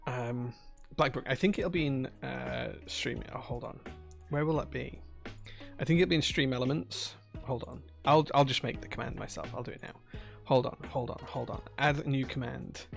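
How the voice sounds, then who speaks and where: Gravelly man chatting on a live stream. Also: medium pitch, moderate pace, faint music behind. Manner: distracted, muttering to himself while setting up chat commands. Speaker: livestream host. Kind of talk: casual live-stream chat. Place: home workshop.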